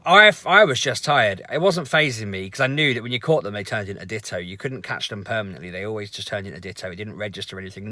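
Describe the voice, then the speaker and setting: A man, chatting casually to camera in a rambling, animated vlog. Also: mid-range voice, no echo. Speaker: vlogger.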